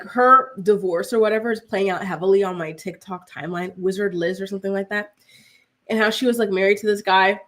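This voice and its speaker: A woman hosts a live-streamed celebrity gossip show in a loose, chatty way. She peppers her talk with "like" and reads viewer comments aloud. Her voice sits at an ordinary middle pitch for a woman. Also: fairly bright tone. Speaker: host of a celebrity news show.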